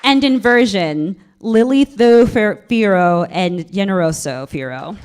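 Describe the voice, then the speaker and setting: A woman's voice: mid-range voice, expressive, measured pace, darkish tone, a faint crowd, slight background noise. A woman giving a keynote on stage and presenting an award, laughing and stumbling over names. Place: stage at a live event.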